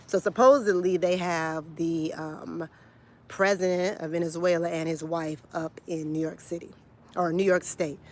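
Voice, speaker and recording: A woman, delivering a blunt, profane, confrontational rant straight to camera as a vlogger. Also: on the low side. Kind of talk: heated direct-to-camera rant.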